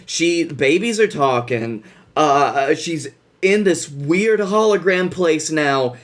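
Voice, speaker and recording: Guy cohosting a movie podcast, kinda high voice, dry and wry about it. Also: slow pace. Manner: wry, deadpan recaps with playful put-on voices. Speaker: podcast co-host. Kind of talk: casual movie review chat.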